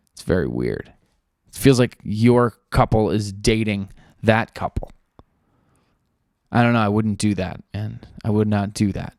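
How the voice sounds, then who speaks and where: A young man hosts a podcast in casual, rambling talk, loaded with fillers and swearing. His voice sits slightly low. The recording is dry and close, with no room sound. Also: gravelly, dry recording. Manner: loose, rambling, lots of fillers and profanity; acts out quoted people in a flat offhand voice. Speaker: podcast host. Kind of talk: casual storytelling chat.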